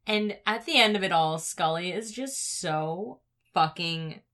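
A woman's voice: on the low side, a little slow, fairly bright tone. A woman co-hosting a casual podcast chat, laughing often and acting out characters' lines. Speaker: podcast co-host.

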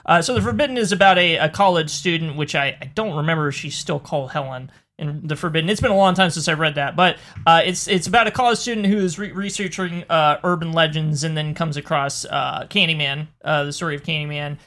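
A young man hosts a casual podcast in a relaxed, rambling way. His voice sits high for a man and has a bright, forward tone. He speaks easygoing and unhurried. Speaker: podcast host.

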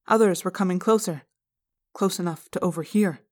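A woman reading an audiobook aloud in the first person, with steady, measured narration. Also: lowish voice. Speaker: audiobook reader.

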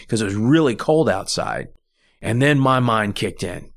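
A man's voice: lowish voice, expressive, normal speed. Man telling rambling stories on a podcast. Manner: rambling anecdotal storytelling with frequent restarts. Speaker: podcast host. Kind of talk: casual solo monologue.

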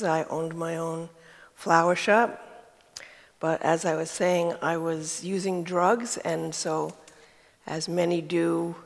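A woman in her seventies speaks with a Brooklyn accent, slowly and in an even, level tone, pausing often on soft ums. Her candid, reflective account rings out with a long reverb tail, as if recorded in a large hall. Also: lowish voice, vocal fry. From New York state, USA. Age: 70s. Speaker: guest telling her life story. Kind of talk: interview testimony.

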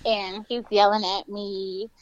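A woman's voice: medium pitch, slow, no echo, muffled recording. A young woman telling a personal story in casual conversation, acting out the voices of the people in it. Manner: animated, acts out quoted voices. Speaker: guest telling her story.

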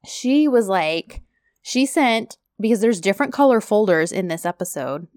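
A woman co-hosts a podcast in casual chat, rambling and chatty with plenty of filler words. Her mid-range voice has a darkish tone, lively intonation and normal speed. The recording is clean studio sound with no echo.

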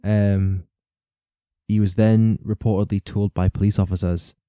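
A man's voice: fairly low pitch, little pitch movement, measured pace, mellow, clear, resonant tone, no echo. A man hosting a casual true-crime podcast, rambling along, laughing often and swearing now and then. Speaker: podcast host.

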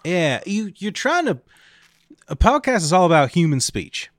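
A man's voice: sits high, very animated, a bit bright, no echo. A man from the Kentucky area co-hosting a comedy podcast, riffing playfully in casual chat. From Kentucky area, USA. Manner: riffing, playful, quick to joke. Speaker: podcast co-host.

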